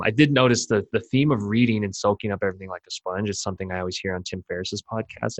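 A man hosting a podcast, talking in a relaxed, agreeable way as he chats with his guest. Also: deep voice, gravelly, no room sound. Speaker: podcast host. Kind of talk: casual podcast conversation.

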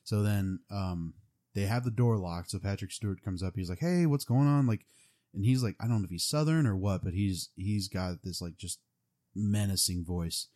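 A man's voice: low-pitched, moderate pace, darkish tone. A young man casually retelling a movie plot, rambling with lots of fillers. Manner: rambling, full of "like" and "um".

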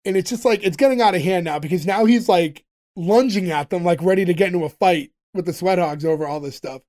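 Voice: medium pitch, quick pace. Podcast cohost, retells the episode and acts out every quote, lots of laughing asides. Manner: animated retelling, acting out quotes. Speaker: podcast co-host. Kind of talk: casual chat recapping an episode.

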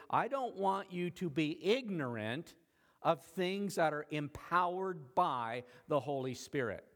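Man preaching in an echoing hall. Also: a bit bright. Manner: conversational preaching with sudden rises in pitch and volume. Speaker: pastor. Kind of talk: sermon.

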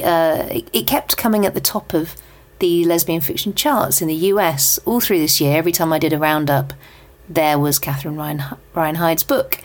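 Chatty woman hosting a podcast. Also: fairly low pitch. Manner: chatty, with many ums and restarts. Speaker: podcast host. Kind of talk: casual book recommendations.

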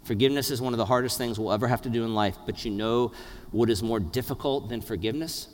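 A man in his thirties preaches a sermon, his voice at a middle pitch. He swings from hushed, intimate lines to loud, lively bursts, laughing along the way. A long hall reverb trails every phrase. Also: quick pace. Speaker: pastor.

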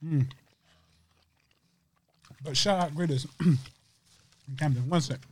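A man's voice: on the high side, slow pace, slight background noise. A man co-hosting a podcast, talking casually in slang with many restarts while eating. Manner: rambling, slangy, chatty with food breaks. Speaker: podcast co-host.

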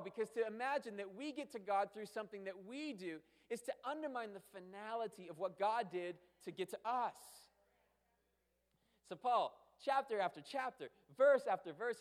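A man preaching a sermon as pastor, emphatic and fond of repeating phrases and asking rhetorical questions. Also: very high-pitched. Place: church sanctuary. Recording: long hall reverb.

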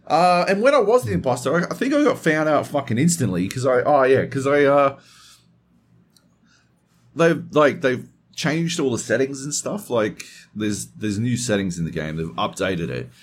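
A man's voice: mid-range voice, animated, moderate pace. A man hosting a podcast in casual chat, swearing constantly and getting worked up as he tells a story. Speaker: podcast host.

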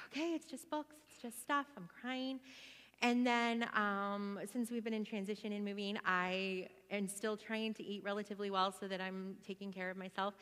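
A woman's voice: medium pitch, smooth. Chatty woman in an echoing hall. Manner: chatty, animated storytelling with many fillers and laughs. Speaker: speaker at a church gathering. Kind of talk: casual personal testimony.

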